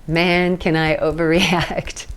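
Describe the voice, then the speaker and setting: Low-voiced middle-aged woman leading tapping, slow and repetitive, laughs a lot. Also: little pitch movement, clean tone. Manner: slow, repeats phrases, laughs often. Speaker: tapping instructor. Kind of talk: guided tapping session.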